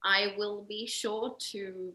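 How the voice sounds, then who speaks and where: A woman's voice: mid-range voice, steady tone, slow pace, bright, forceful tone. A teenage Australian girl answering interview questions over a video call, hesitant with many ums and little laughs. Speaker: guest, young singer.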